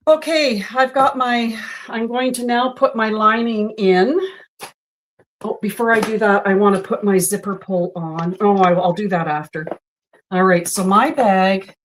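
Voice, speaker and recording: A woman in her sixties talks casually as she sews, wandering through stories at an easy, chatty pace. Her voice sits at an ordinary middle pitch. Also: slight background noise. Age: 60s. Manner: chatty, storytelling. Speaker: host. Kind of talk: casual chat while sewing.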